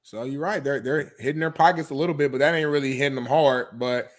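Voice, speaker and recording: A man co-hosting a sports talk show, answering in a calm, measured, conciliatory way. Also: medium pitch. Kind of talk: sports debate.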